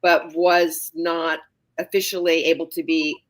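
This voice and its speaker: A woman in her sixties, a psychotherapist guest on a talk show, explaining her career in a measured way. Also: low voice, level tone. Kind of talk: interview answers.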